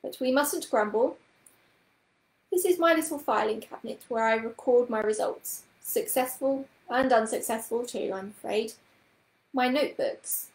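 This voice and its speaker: A woman voicing Miss Price, a prim middle-aged witch with a brisk, precise, reproving manner, in a read-aloud story. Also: a little high, echoey room, low-quality recording. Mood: fussy.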